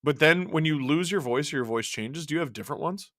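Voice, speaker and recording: A man hosting a live stream, casually calling a hockey game and chatting, his voice worn a little deeper from long talking. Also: expressive, fast talker, fairly bright tone, no echo, studio quality. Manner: chatty, reacting to the game and chat as it happens. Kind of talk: casual live play-by-play and chat.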